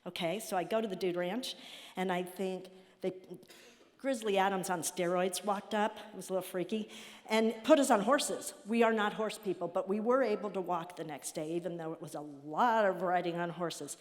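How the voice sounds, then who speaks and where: A middle-aged woman telling stories from her work to an audience, animated and acting out the people she quotes. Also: lowish voice, normal speed. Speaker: nonprofit president speaking at a summit. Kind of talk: storytelling talk to an audience. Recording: long reverb of a hall.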